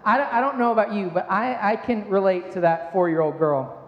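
A man's voice: sits high, brisk, highs cut off. A man in his thirties, a pastor giving a sermon in a conversational, self-deprecating storytelling way. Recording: echoey hall with long reverb.

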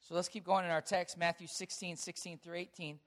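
In a brisk sermon, a high-voiced male pastor tells a family story full of animated quoted dialogue, then turns to scripture. His delivery is engaging, like a natural storyteller.

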